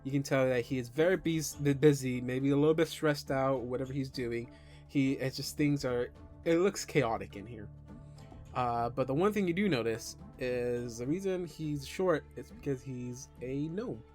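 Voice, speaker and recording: A man narrating a tabletop game as game master, halting with many fillers and restarts. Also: medium pitch, a little mellow, soft background music.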